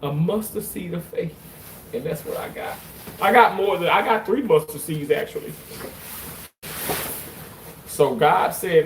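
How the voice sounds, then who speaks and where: Speaking a bit slowly with long pauses, a streamer delivers a funny livestream rant, cursing freely and staging mock tears. The mid-range voice sounds distant and roomy, with a slight hiss or hum behind it.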